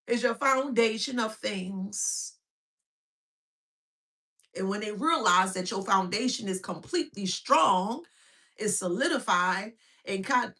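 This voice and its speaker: A woman giving a casual spiritual reading, talking in a blunt, mocking, slangy way. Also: medium pitch. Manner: animated, blunt and mocking, with frequent slang and laughs. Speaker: spiritual reader.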